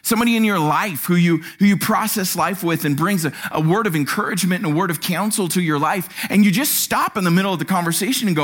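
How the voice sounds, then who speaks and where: A man preaching a sermon in a church, animated and acting out quotes. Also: brisk. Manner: animated, acts out quotes with sudden pitch jumps. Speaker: pastor.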